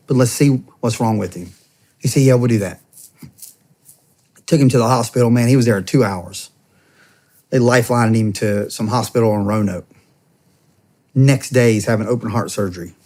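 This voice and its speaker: A man's voice: medium pitch, a little mellow. A man, a former police officer and podcast guest, tells an emotional personal story in an earnest, conversational way. He acts out what others said and often restarts his sentences. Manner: acts out the quoted speech of others while telling the story.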